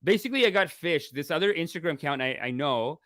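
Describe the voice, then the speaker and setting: Animated, lively-voiced man streaming live. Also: on the high side, fast, no echo, clean studio sound. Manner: animated, exclaiming, talks to viewers. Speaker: spiritual teacher. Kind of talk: casual livestream chat.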